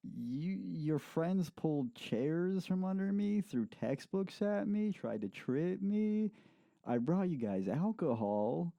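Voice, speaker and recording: Man playing an earnest young man, dark voice. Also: fairly high pitch, very animated, slow pace, no echo, voice pushed up, full character voice. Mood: defensive. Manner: defensive, protesting.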